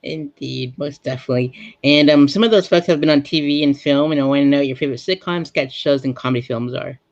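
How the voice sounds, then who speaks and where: Man, podcast host, measured questions, dry, muffled audio. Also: on the high side, creaky, no echo. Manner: measured, stock replies like "indeed, most definitely". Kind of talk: interview questions.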